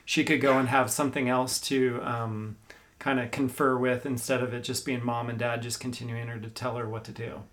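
A man's voice: medium pitch, flat delivery, moderate pace, fairly bright tone. A man co-hosting a parenting podcast, speaking hesitantly with frequent fillers. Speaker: podcast co-host. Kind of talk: casual parenting podcast chat.

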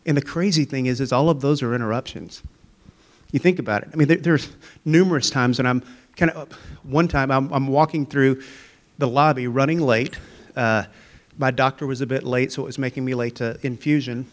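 A man's voice: mid-range voice, a little fast. A man in his fifties telling an earnest personal faith story as a guest in a church interview. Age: 50s.

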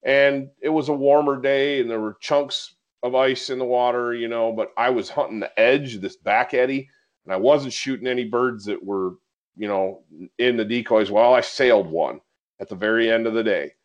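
A man hosting a casual podcast, telling a story with animated, excitable energy. His voice sits at an everyday middle pitch. The recording sounds slightly dull and lo-fi. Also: normal speed. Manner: animated storyteller, gets excited recounting events. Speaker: podcast host.

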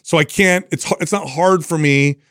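A man's voice: fairly high pitch, normal speed, a bit bright, no room sound. Emphatic man in his forties, dry studio sound. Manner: emphatic, repeats words when starting sentences. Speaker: podcast co-host. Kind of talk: casual discussion.

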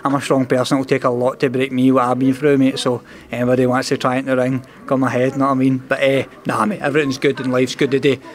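A young man with a thick Glasgow accent speaks as a boxer in an interview, earnest and open. His words tumble out at a rapid clip in a fairly level, even tone, and he tags nearly every line with "mate" and "know what I mean". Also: mid-range voice. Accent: Scottish, Glasgow. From Scotland. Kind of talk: candid interview talk.

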